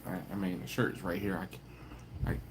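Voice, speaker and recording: A deep-voiced man hosts a live stream for his barbecue channel, speaking briskly with a flat delivery over slight background noise. He talks casually with viewers, tells stories, laughs often, and performs the people he quotes.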